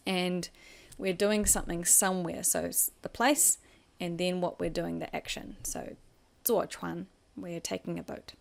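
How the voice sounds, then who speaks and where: A woman teaching a vocabulary lesson, patiently explaining each word and modelling the tones. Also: medium pitch. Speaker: Chinese language teacher.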